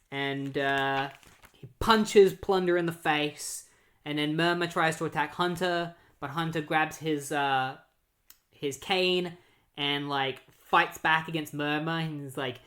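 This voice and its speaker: A comic book reviewer talks through a storyline in a loose, chatty recap. The voice sits at a middling pitch and keeps stopping and restarting with fillers. Now and then it slips into characters' lines while recounting the plot. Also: slow pace, a bit bright.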